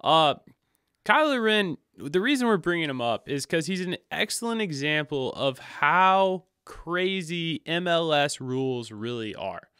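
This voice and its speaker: A young man co-hosting a casual sports chat, excitable and rambling, with frequent restarts. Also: fairly high pitch, measured pace, clean tone, no room sound, studio quality. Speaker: podcast co-host.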